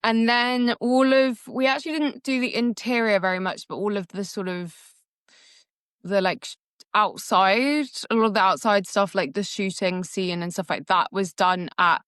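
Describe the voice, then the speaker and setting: A woman's voice: mid-range voice, moderate pace, a bit bright, clear, resonant tone, no echo, clean studio sound. A British actress in a casual interview, friendly and agreeable, often laughing as she talks. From Britain. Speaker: actress guest.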